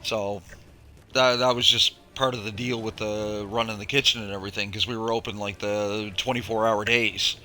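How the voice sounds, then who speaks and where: A man's voice: fairly low pitch, level tone, moderate pace, pushed and bright, soft background music. A man, a former chef, telling rambling stories in casual chat, with profanity and acted-out quotes.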